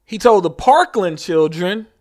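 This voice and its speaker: A man's voice: high voice, animated, a little slow, darkish tone. A man delivering an impassioned, preaching monologue as a show host, repeating lines for emphasis.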